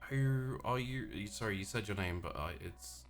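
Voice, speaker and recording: A man's voice: lowish voice, moderate pace, close to an everyday voice. A man voicing a confused young woman waking up after being attacked, hesitant and trailing off. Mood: uneasy.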